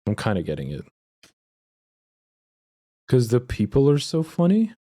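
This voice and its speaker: A young man livestreaming, chatting casually and excitably with viewers and reading chat aloud. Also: medium pitch, measured pace. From Australia.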